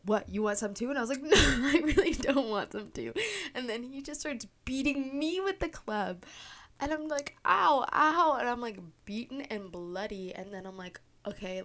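A young woman hosting a podcast, telling a long story in casual chat, rambling with many fillers and acting out the voices of the people in it. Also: medium pitch. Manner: rambling, filler-heavy, laughing storytelling with acted-out quotes. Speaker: podcast host.

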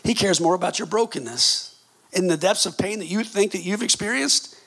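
Fifties male preacher, high gravelly voice, husky edge, passionate, quiet-to-shouting swings. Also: fairly quick. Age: 50s. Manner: passionate, swings from low intimate tones to shouted exclamations. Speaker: pastor. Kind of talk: sermon.

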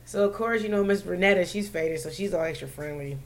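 A woman telling a story in casual chat, profane and animated, with loud bursts of laughter. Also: fairly low pitch, brisk. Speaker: podcast co-host telling a story.

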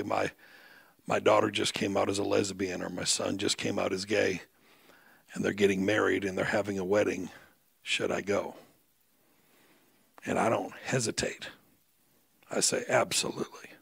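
A middle-aged male pastor, preaching conversationally and building to loud, emphatic outbursts. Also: on the low side, creaky, breathy edge, no room sound, studio quality. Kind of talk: sermon.

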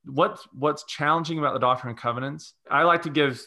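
A man's voice: a little high, a little fast, pushed and bright. A man who is a guest religious educator on a podcast, speaking in a teacherly way and laying out numbered steps. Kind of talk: podcast conversation.

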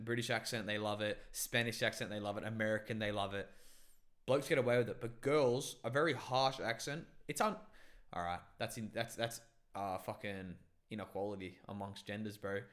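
A young Australian man rambling through a casual chat with a mid-pitched voice. He swears freely and keeps it loose and unpolished. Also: a bit bright.

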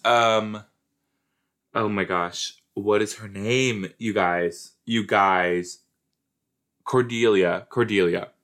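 A man's voice: lowish voice, fairly bright tone. A man hosting a casual watch-along podcast, talking playfully to his listeners. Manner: playful, giggly, talks to listeners as "you guys". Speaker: podcast host.

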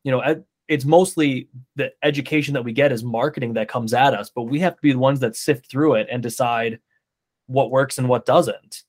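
Relaxed, agreeable male podcast host. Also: medium pitch, normal speed. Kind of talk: casual podcast conversation.

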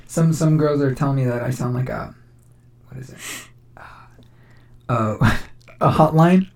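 A man with a deep, raspy voice chatting casually on a podcast, laid-back and swearing a lot. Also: unhurried, a little mellow, a little hiss or hum. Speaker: podcast guest. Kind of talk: casual chat.

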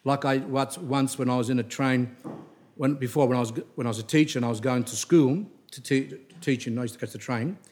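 A man's voice: mid-range voice, fairly even intonation, brisk, darkish tone. A middle-aged man giving a religious talk, telling stories in a digressive way and often restarting his sentences, turning blunt and emphatic when he scolds. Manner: digressive, anecdotal, with frequent restarts. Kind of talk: rambling spoken religious talk.

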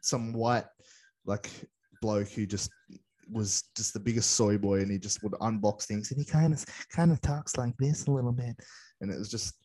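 Low-voiced man telling crude stories. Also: moderate pace, dark tone. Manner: crude, laughing storytelling. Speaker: podcast co-host. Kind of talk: casual chat.

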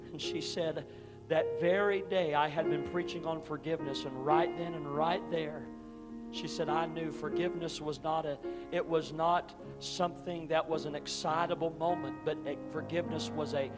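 Brief: male pastor, slightly high voice, impassioned sermon delivery, long church reverb with instrumental music underneath. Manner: storytelling that swells to impassioned shouting, then drops to soft pleading; calls out congregation members by name. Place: church sanctuary.

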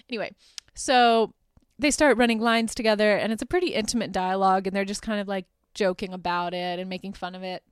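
A young adult woman hosting a podcast, chatting through a movie plot with lots of "like" and quick laughs. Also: mid-range voice, fairly even intonation, smooth, no echo, studio quality. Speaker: podcast host. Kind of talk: casual movie recap.

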